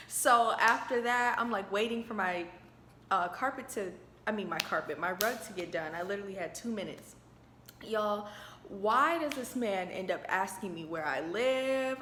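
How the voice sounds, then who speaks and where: Woman vlogger rambling at home, animated storytelling, roomy echo, mid-pitched voice. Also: slight background noise. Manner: animated storyteller, addresses viewers as y'all. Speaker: lifestyle vlogger. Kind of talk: chatty story-time vlog. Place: her apartment, indoors. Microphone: camera held close to face.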